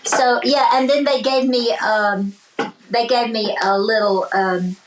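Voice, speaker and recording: A woman's voice: fairly high pitch, fairly even intonation, a little slow, slight background noise, low-quality recording. A woman country singer-songwriter, a guest in a casual interview, tells stories with animation and acts out the voices of people in them. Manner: speaks of faith and blessings.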